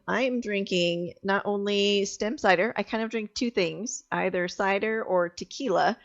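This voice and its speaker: Woman from colorado, gravelly voice, cheerful chat, muffled lo-fi sound. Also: mid-range voice. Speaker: podcast guest. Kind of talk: casual chat.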